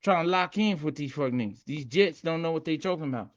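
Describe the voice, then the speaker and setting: A man hosting a casual livestream, hyped and streetwise, repeating himself and shouting out viewers by name. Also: a little high, expressive, quick pace, highs cut off. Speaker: livestream host teaching game rules.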